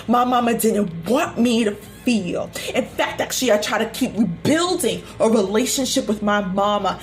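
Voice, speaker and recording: A woman spiritual healer speaking soothing, repetitive reassurance during a live-streamed healing session. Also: a little high.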